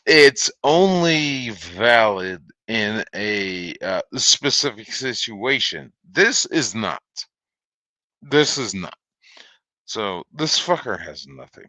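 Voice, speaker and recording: Slow-talking man with a bright voice. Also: fairly low pitch, sing-song, no echo. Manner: slow, profane, laughing often. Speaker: co-host reacting to a video. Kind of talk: casual reaction chat.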